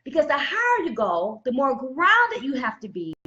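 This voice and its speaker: High, lively woman giving a preachy talk. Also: normal speed, muffled recording. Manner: preachy, repeats key phrases, greets viewers by name. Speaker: motivational speaker. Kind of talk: inspirational talk on a live stream.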